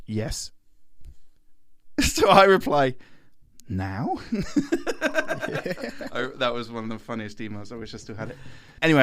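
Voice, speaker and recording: A man in his thirties tells a story on a podcast in a relaxed, casual way. His pitch swoops widely as he gets animated, and he laughs often between lines. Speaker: podcast guest, founder.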